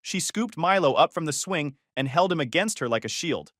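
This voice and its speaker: A man's voice: on the high side, animated, normal speed, a bit bright, dry recording, studio quality. A man narrating a first-person story in a confessional, tense tone.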